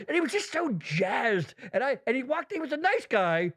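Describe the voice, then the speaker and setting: High-voiced man, rambling and profane. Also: normal speed, gravelly, few pauses, slightly rough. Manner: rambling, profane, animated storytelling with put-on voices. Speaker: podcast host. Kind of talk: casual chat.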